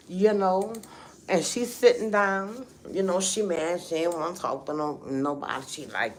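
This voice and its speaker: A woman's voice: lowish voice, animated, unhurried, slight background noise. A middle-aged woman telling a story on a casual livestream, emphatic and heated, often saying "you know". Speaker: livestream host.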